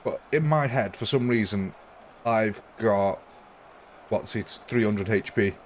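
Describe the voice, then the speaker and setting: A man's voice: on the low side, takes it slowly, slight background noise. A man from Britain chatting casually while live-streaming a game, self-mocking and laughing often. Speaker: gaming streamer.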